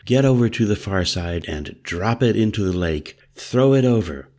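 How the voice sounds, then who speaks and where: A man doing a gruff, urgent big older man. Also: on the low side, animated, normal speed, darkish tone, close to an everyday voice. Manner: urgent, clipped orders. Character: big lumbering older man, agitated and commanding.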